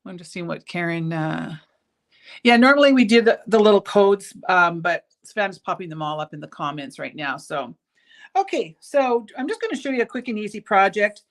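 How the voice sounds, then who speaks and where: A woman's voice: medium pitch, very animated, normal speed. A woman hosting a casual live-stream bead show from her jewelry shop. She talks in a chatty, rambling way, full of ums and restarts, and sounds keen on the beads. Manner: enthusiastic about the beads. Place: jewelry shop studio, indoors.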